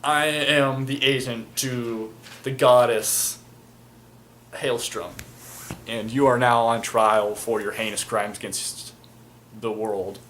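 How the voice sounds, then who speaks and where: Casting: man playing a stern woman agent of a goddess, slow, formal and accusing delivery. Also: mid-range voice, steady tone, a bit bright, slight background noise.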